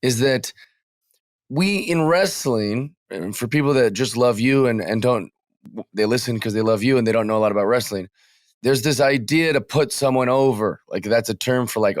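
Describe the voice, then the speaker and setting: A man's voice: mid-range voice, moderate pace, no echo, clean studio sound. A man co-hosting a casual wrestling podcast, asking questions in a curious, self-deprecating way. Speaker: podcast co-host.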